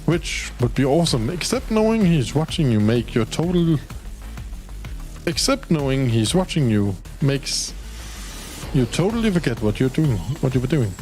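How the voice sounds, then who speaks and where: A man's voice: medium pitch, sing-song, moderate pace, darkish tone, faint music behind, low-quality recording. A young man from Denmark streams a dating game, reading its text aloud in a casual, playful way and now and then swearing. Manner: casual and playful, swears, talks to his pet. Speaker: gaming streamer.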